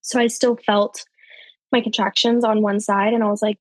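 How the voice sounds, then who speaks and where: A young adult woman, a podcast guest telling her personal story in a chatty way, full of fillers, her voice jumping higher when she quotes people. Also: level tone, fairly quick, dry recording. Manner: chatty, heavy with fillers like um and you know.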